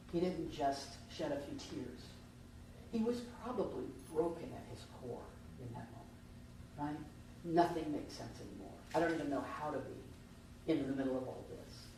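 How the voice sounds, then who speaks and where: A deep, dark-toned woman's voice at a moderate pace leads a conversational Easter sermon, questioning the congregation. It comes from a distant mic in a very echoey church sanctuary, with a little faint noise.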